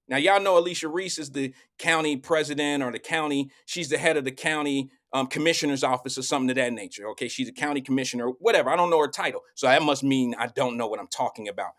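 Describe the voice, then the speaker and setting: Man, middle-aged, live talk show host, animated, preachy, colloquial, somewhat high voice.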